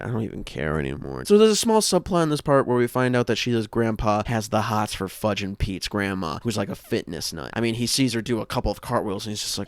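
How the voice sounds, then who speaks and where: A man's voice: mid-range voice, sing-song, a little fast, few pauses, faint music behind. A young man hosting a comedic movie commentary in a sarcastic, profane, exasperated way. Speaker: movie review host.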